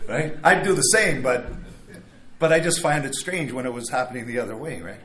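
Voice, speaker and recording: A man's voice: mid-range voice, lively intonation, brisk, background noise. Rambling older man in an echoey room. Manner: rambling, self-interrupting, wry asides. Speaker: speaker at a recovery meeting. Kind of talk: casual storytelling talk. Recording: echoey room, faint background.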